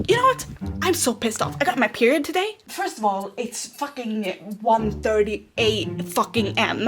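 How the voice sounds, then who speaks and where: Young woman vlogger, higher-pitched, blunt and profane, over background music. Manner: blunt, swears constantly, ranting. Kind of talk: casual vlog talk.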